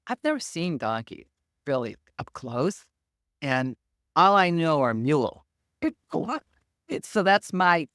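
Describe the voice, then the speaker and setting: A middle-aged medium, interviewed as a podcast guest, recounts anecdotes and brings the quoted dialogue to life in an animated way. Her voice rumbles low, and the recording is dry with clean studio sound.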